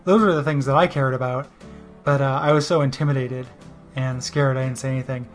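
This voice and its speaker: A man's voice: medium pitch, fairly even intonation, fairly quick, faint music behind. A man telling a personal story in a rambling, self-deprecating way, full of "you know" and restarts. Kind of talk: casual spoken monologue.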